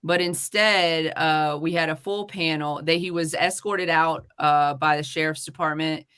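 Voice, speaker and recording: Woman host ranting on a livestream, swears a lot, bright tense voice, lowish. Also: fairly even intonation, measured pace, clean tone. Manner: heated, swearing rant. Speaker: podcast host. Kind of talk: live-stream talk show.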